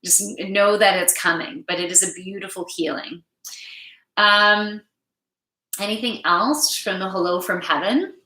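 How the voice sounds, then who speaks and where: A woman giving a live oracle card reading, speaking gently and emotionally to her viewers and reading their comments aloud. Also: mid-range voice, a little slow, echoey room, low-quality recording. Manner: gentle, spiritual, emotive, reads chat aloud.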